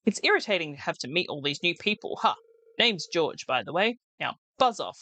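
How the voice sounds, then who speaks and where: A woman's voice: on the low side, very animated, a little fast, pushed and bright, no room sound. A woman voicing a grumpy, irritable old man from a farming video game, speaking curtly and dismissively. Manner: curt, dismissive.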